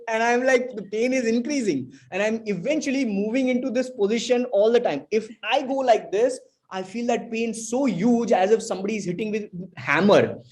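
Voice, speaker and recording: A man from India, a podcast guest, telling stories in an emphatic, animated way over a video call. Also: high voice. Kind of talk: casual podcast storytelling.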